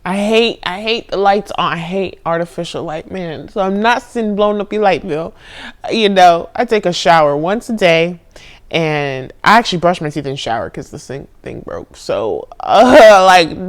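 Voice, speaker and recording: A young woman speaks into her phone camera in a candid confessional vlog. Her voice sits a little low. She drifts between quiet, murmured asides and sudden loud, profane outbursts. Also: expressive, moderate pace. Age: young adult. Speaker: spiritual vlogger.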